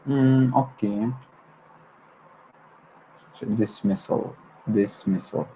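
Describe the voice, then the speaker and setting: Slow low-voiced man drilling words. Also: steady tone, a little mellow, slight background noise, poor audio. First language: Arabic. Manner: repeats words over and over, stumbles and corrects himself. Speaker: language learner hosting a livestream. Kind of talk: solo livestream vocabulary practice.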